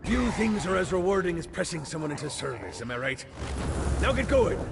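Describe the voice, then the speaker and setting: Blackbeard, gravelly pirate captain. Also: male voice, high voice, sing-song, a little fast, noisy background, full character voice. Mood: boisterous. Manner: swaggering, theatrical. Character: boisterous male pirate captain, ghostly and scheming. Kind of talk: video game voice acting. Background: game music.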